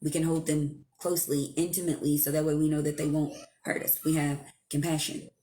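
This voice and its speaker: A woman hosting a casual live stream from home, giving spiritual advice in a blunt, profane, animated way. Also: deep voice, fairly quick. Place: at home with her child nearby.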